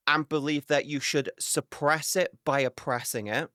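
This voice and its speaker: A woman's voice: low voice, a little slow, fairly bright tone, no room sound, studio quality. A woman streamer in a casual live chat with her viewers, ranting animatedly, swearing a lot and laughing often.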